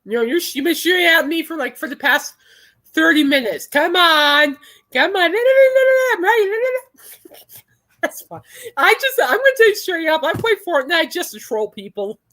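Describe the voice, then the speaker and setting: A woman's voice: sits high, expressive, moderate pace, bright, forceful tone. A young adult woman hosting a podcast in casual chat, rambling and laughing often. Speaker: podcast host.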